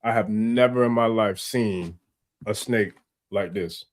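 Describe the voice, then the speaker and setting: Low-voiced man hosting a livestream casually. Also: unhurried. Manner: relaxed, encouraging listener, rambling asides.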